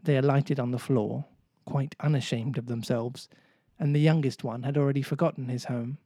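A man reading a storybook aloud in a playful, warm-humored way. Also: mid-range voice, steady tone, moderate pace, husky, no room sound, clean studio sound. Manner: playful, jokes and laughs with listeners. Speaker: storybook reader. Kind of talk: storybook narration read aloud.

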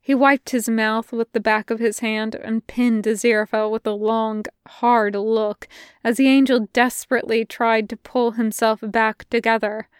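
A woman narrating a fan fiction audiobook in a measured, intimate way, close to the mic. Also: on the high side, flat delivery, clean tone, no echo. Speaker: podfic reader.

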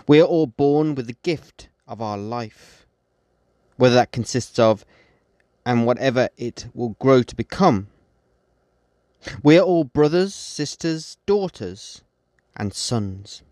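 A man hosting a podcast, reading his poems in a measured way and speaking his closing words with many hesitations. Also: medium pitch, expressive, darkish tone, no room sound, studio quality. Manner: measured recitation, then halting unscripted outro with many fillers. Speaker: poet and podcast host. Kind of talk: poetry reading.

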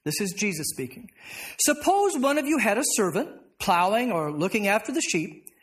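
A pastor with a high-pitched voice leads a Bible study in a church classroom. He reads scripture aloud and keeps tossing questions to his listeners before answering them himself. He sounds middle-aged. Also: sing-song, normal speed, fairly bright tone.

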